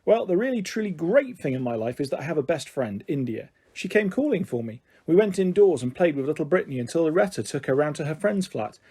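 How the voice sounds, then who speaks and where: Husky man reading a children's story. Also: on the high side, big pitch swings, quick pace, hardly any pauses, mellow. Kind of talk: reading a children's novel aloud.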